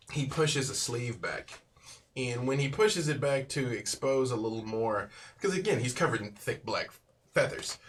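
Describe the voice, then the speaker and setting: A man running a tabletop game as dungeon master, talking slowly with an easygoing, loose manner. His pitch is middling, and a faint hiss of noise sits under the voice. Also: fairly bright tone. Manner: unhurried, loose, lots of "sort of" and "like".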